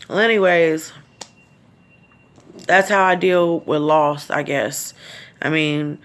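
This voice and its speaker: A middle-aged woman records a grief vlog, her voice low, steady, and fairly bright as she talks without hurry. She fights back tears, swearing freely and speaking raw and straight from the heart in this emotional personal video.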